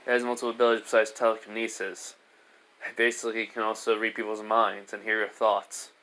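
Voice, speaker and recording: A man plays an unbothered teenage psychic hero. He speaks in a flat, quiet, quick way, as if nothing is worth the effort. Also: on the low side, rough recording. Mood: deadpan. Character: calm teenage boy hero with psychic powers.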